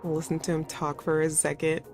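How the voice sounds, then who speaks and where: A woman's voice: low voice, completely flat delivery, a little fast, darkish tone. A woman streamer chatting casually while playing, often laughing and poking fun at herself. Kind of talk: casual let's-play commentary. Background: faint background music.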